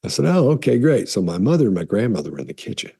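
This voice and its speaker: A man, a body language analyst, talking casually to camera and rambling through stories with restarts and throat clearing. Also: low voice, very animated, rapid-fire, mellow.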